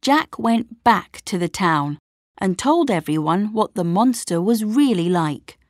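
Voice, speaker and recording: A woman narrating a story slowly and clearly for language learners. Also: mid-range voice, no room sound, studio quality. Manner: clear, expressive, measured.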